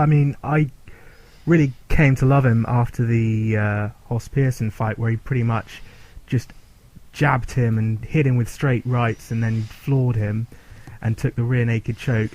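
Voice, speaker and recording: A man's voice: medium pitch, a little mellow, rough recording. Easygoing British podcast guest man. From Britain. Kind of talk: casual chat.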